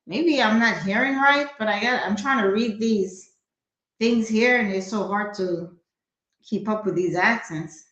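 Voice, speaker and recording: A woman's voice: mid-range voice, a little slow, a bit bright, echoey room, muffled recording. A woman from New giving blunt, skeptical commentary on a crime case during a live stream. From New York. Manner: blunt, skeptical, talks back at the clip.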